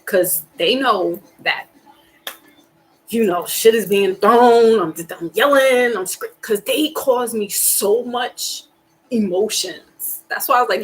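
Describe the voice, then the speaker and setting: A woman hosting a casual live stream, rambling in an animated, slangy, emphatic way, with sighs and laughs. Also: a little high, takes it slowly, low-quality recording. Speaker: tarot reader and live stream host.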